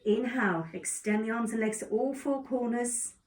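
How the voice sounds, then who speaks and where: Woman yoga instructor, calm cues, raised voice, heard from a distance in a roomy space. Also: on the high side, moderate pace. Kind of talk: guided exercise instruction. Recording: echoey room, distant mic.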